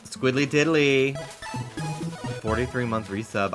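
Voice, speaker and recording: A man's voice: lowish voice, animated, moderate pace, pushed and bright, faint music behind. A man chatting casually on a game stream, swearing often and laughing as he rambles.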